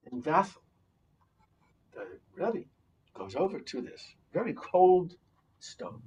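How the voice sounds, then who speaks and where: A man telling a folk tale to his congregation in a halting, lively way, often repeating words, in a synagogue sanctuary. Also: sits high, slightly rough, recorded from a distance, rough recording. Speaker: storyteller.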